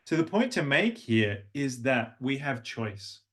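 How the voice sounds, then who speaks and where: A man leads an online voice workshop, speaking at an ordinary middle pitch. He explains breath and tone in a chatty way, often restarting his sentences. The sound is a plain video call mic. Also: sing-song, unhurried, a bit bright. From Australia. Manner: demonstrates humming and vocal tones, chatty with restarts. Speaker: voice and language coach. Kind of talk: online workshop lecture with vocal demonstrations.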